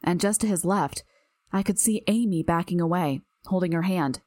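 A woman narrating a first-person audiobook in an even, measured reading. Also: on the low side, dry recording.

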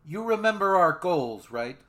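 A man voicing a calm female therapist who speaks in a soothing, reassuring way. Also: sits high, unhurried, pitched above the performer's own voice, full character voice.

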